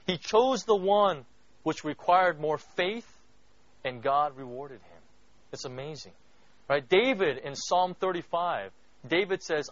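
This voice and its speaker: A male pastor with a slightly high voice preaches in a loose, conversational way, forever checking in with his listeners. He moves between loud emphatic bursts and quiet, hushed moments. The recording sounds muffled and lo-fi. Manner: conversational, keeps asking "right?". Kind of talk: sermon. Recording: dull lo-fi recording.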